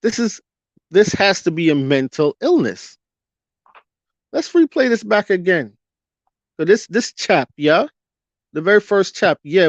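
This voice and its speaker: A man's voice: high voice, no echo. Fiery ranting male vlogger, lo-fi. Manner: fiery, rhetorical questions, drawn-out emphasis. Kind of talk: ranting commentary monologue. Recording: dull lo-fi dry audio.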